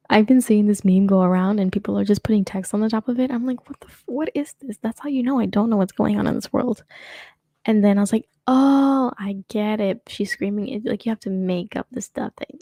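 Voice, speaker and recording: A woman's voice: mid-range voice, a little fast, warm tone, no echo. A young woman hosting a show in casual chat, rambling and joking at her own expense, laughing often. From United States. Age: young adult. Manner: rambling, self-mocking and jokey, laughing often. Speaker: show host.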